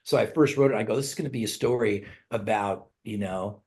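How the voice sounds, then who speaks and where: A man's voice: lowish voice, a little fast, creaky. A middle-aged man, a rock singer, telling rambling stories in a casual interview, acting out quotes in raised voices and swearing freely. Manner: animated storyteller, acts out quotes in raised voices, laughs often. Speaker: songwriter and band singer, interview guest.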